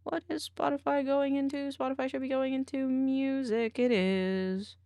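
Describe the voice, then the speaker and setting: Woman streamer, rambling and cranky, slightly high voice, dry close sound. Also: fairly even intonation, moderate pace, warm tone, no echo. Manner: cranky, rambling, swearing, mutters to herself. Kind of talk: casual stream chat.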